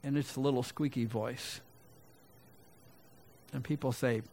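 With a steady tone and a measured pace, a male pastor preaches, pausing often. He still moves between loud, emphatic peaks and low, quiet asides, with conversational restarts and remarks to the congregation.

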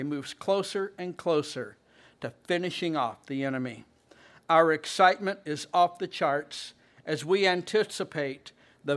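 A man preaching a sermon, reading scripture with slow, emphatic delivery and rising exclamations. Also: a little high, a bit bright. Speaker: pastor.

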